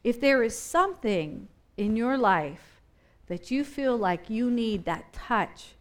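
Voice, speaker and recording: A woman delivers a sermon in a high, bright voice. She is impassioned and repetitive, building in intensity and then easing back. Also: sing-song, takes it slowly. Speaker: preacher.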